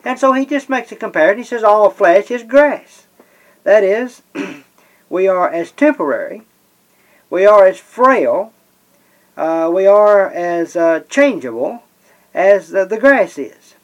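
A man preaching a Bible-teaching sermon. He slows down and leans on the scripture he reads, and pauses often with "uh". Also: high-pitched, very animated, dull audio. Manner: slows and stresses scripture readings, many "uh" pauses.

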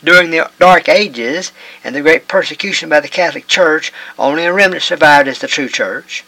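A man giving a measured Bible teaching, reading scripture passages aloud in old-fashioned wording. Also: fairly high pitch, creaky, pushed and bright, no room sound, rough recording. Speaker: preacher.

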